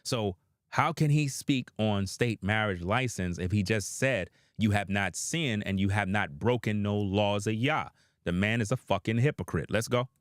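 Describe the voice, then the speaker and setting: A man's voice: fairly low pitch, moderate pace, no echo, clean studio sound. A man giving opinionated reaction commentary, blunt and profane, addressing his viewers directly.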